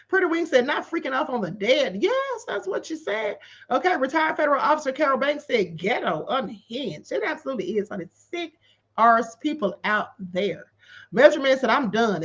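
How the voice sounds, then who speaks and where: Sassy, animated woman livestream host. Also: high-pitched, lo-fi sound. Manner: sassy, animated, calls viewers honey; reads out viewer comments. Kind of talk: casual commentary livestream.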